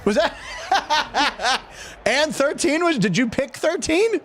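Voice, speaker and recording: A man's voice: very high voice, slow pace, some chatter behind, slight background noise. A middle-aged man hosting a sports show, telling stories in a chatty, joking way. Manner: chatty, jokey, animated storytelling. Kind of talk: casual sports talk.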